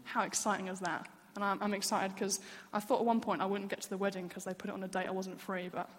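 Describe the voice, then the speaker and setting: Woman, earnest sermon, middle pitch, reverberant hall. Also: level tone, quick pace. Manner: earnest, candid, personal storytelling. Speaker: church speaker. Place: church.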